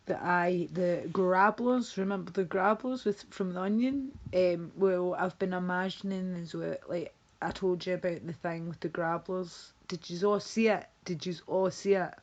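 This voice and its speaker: A woman's voice: fairly low pitch, normal speed, few pauses, darkish tone, lo-fi sound. A woman streaming live, casually chatting with viewers in a blunt, sweary, teasing way.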